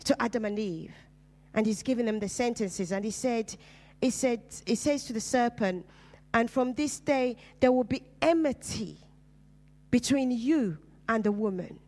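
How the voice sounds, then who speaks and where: A woman, a preacher, telling her personal testimony in conversation, earnest and dropping low and soft on painful memories. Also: a little slow. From Uganda.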